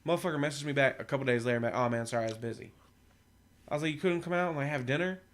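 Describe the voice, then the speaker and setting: A man's voice: mid-range voice, rapid-fire. A young man casually telling a long, profane story on a podcast, acting out what people said. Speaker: podcast co-host.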